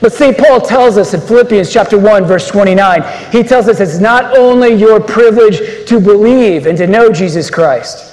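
A man's voice: high-pitched, normal speed, few pauses, a little mellow. A man speaking at a men's conference, giving an inspirational religious talk and preaching emphatically with rhetorical questions. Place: large conference hall. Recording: echoey hall reverb.

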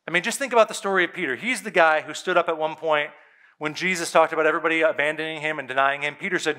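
A man preaching from the pulpit with a high, bright and forceful voice. He talks earnestly and presses each point home, often repeating a line to drive it in. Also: quick pace. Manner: earnest, emphatic preaching with repetition. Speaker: pastor. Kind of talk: sermon.

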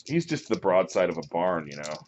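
A man running a tabletop game as game master, narrating with animated, sudden loud outbursts, on a dull lo-fi recording. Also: low-pitched, fairly quick, noisy background.

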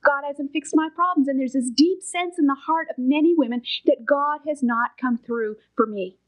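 A middle-aged woman, a Bible teacher, delivers an earnest, emphatic sermon in a high voice at a moderate pace, firmly pushing her points and at times lowering to a soft whisper to underline them. It's a low-quality recording.

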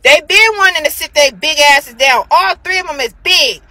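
High-pitched woman ranting angrily. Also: moderate pace, pushed and bright, no echo, rough recording. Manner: heated, profane, repetitive. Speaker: livestreamer. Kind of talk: angry livestream rant.

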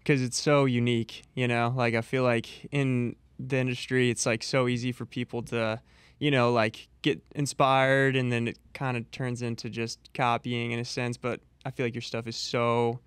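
A man with a smooth, clear voice asks his guest an earnest, curious question. His pitch is mid-range. The recording is dry and close. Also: level tone, moderate pace, fairly bright tone, no echo. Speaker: podcast co-host. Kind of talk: casual podcast chat.

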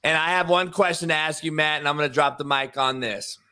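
A man's voice: fairly high pitch, fairly quick, bright, forceful tone, clean tone. A man hosting a sports podcast, brash and combative with heavy profanity. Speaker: host. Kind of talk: casual podcast debate.

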